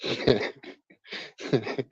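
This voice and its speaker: A young man talks slowly and unhurriedly, swearing and teasing his way through a live stream. His voice comes through a dry, slightly dull lo-fi mic. The tone is laid-back mockery punctuated by laughter. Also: dry recording. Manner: profane, mocking banter with frequent laughs.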